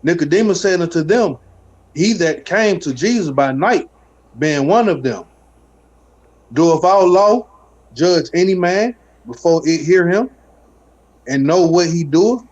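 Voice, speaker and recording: A man reading scripture aloud at a steady, measured pace during a Bible study. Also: fairly high pitch. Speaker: scripture reader. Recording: dull lo-fi audio.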